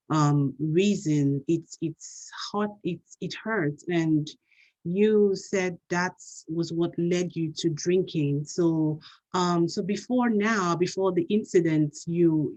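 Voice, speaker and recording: A woman with a low, mellow voice plays a counselor in a role-play. She speaks gently and haltingly, often stopping to restart or fill a pause. The sound is the dull, lo-fi audio of a video call.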